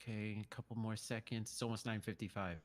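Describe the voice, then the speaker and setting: A man's voice: lowish voice, fairly even intonation, quick pace. A man roleplaying a suspect in an interview, brash, crude and cocky.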